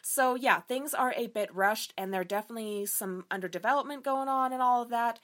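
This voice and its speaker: A woman's voice: on the high side, fairly quick, hardly any pauses. A woman hosting a book review podcast, chatting casually and frankly with lots of fillers and swearing. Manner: candid, profane, animated, frequent fillers. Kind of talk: casual chat.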